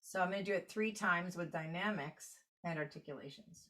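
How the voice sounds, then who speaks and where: A woman's voice: lowish voice, a little fast, sharp tone. A woman teaching a clarinet workshop online, explaining practice rhythms step by step while annotating sheet music. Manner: explanatory, walks through steps while annotating.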